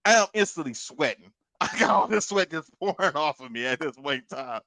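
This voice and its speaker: A man on a podcast telling a long story in a casual, animated way, swearing and laughing as he goes. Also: a little high, fairly quick, no room sound. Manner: animated, profane, laughs through his story. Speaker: podcast co-host.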